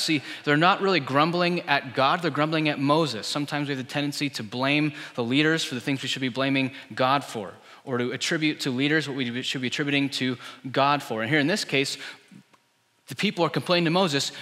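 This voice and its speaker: Guy preaching in church, bright voice, long echo off the hall. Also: on the high side, brisk. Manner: conversational preaching, rhetorical questions. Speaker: pastor. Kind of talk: sermon.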